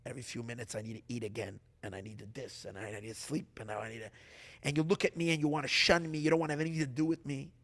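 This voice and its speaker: A man, a rabbi, teaching a lively Torah class, sometimes voicing the body and Earth, swinging from hushed to loud. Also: mid-range voice, racing. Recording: long hall reverb.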